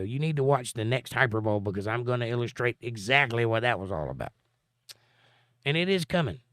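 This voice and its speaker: A man's voice: mid-range voice, dry recording. Dry-humored man reading live chat. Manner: dry, joking and sarcastic. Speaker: livestream host. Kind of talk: casual livestream chat, reading viewer comments aloud.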